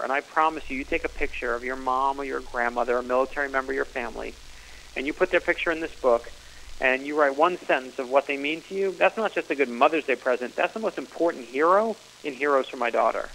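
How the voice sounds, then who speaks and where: A man's voice: on the high side, brisk, bright, forceful tone, slight background noise, rough recording. A middle-aged man, an author guest on a radio interview, telling stories earnestly with frequent restarts. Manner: earnest storytelling, many restarts.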